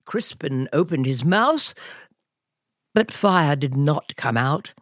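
A woman host reading a picture book aloud to children in a slow, expressive storytelling voice. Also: sits low, no echo, clean studio sound. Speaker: children's podcast host and reader. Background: soft music.

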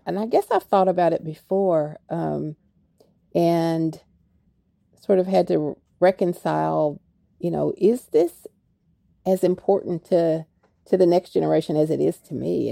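Older kentucky woman author, low gravelly voice, reflective, dry studio sound. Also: moderate pace, warm tone, no echo. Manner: reflective, hesitant, with fillers. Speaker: author guest. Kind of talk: radio interview conversation.

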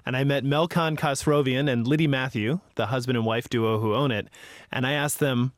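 A man's voice: mid-range voice, fairly even intonation, normal speed, no room sound. Playful male radio host, dry sound. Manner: light, playful and chatty. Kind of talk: radio hosting and interviewing.

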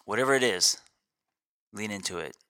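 Groggy low-voiced male therapist, dry close sound. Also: moderate pace, no room sound. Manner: relaxed, rambling, many fillers. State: groggy early-morning voice. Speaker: therapist and podcast host. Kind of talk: casual unscripted monologue.

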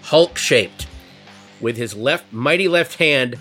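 A man's voice: mid-range voice, takes it slowly. Wry male storyteller over guitar. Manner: animated, wry, building comic tension. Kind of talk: comedic storytelling. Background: guitar music.

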